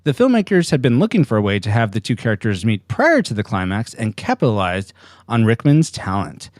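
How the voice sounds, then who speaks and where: Lively podcast host, dry close sound. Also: male voice, on the low side, a little fast, no room sound. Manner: animated, laughing, quizzes his co-hosts. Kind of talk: casual podcast chat.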